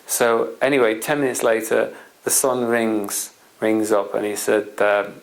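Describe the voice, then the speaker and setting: A man's voice: lowish voice, little pitch movement, measured pace, gravelly, rough recording. A man presenting a self-help system, explaining his point through a rambling everyday anecdote with asides to the listener. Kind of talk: explanatory storytelling talk.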